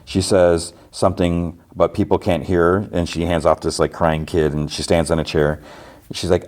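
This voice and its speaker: A man's voice: low-pitched, flat delivery, normal speed, darkish tone. A man hosting a podcast, casually retelling a TV episode scene by scene, quoting the characters loosely and adding his own asides. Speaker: podcast host.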